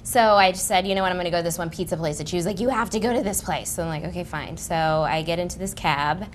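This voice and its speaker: Chatty, giggling woman with a lowish voice. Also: fast, slight background noise. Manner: chatty, self-mocking, with giggles. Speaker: celebrity guest. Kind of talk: comic anecdote on a game show.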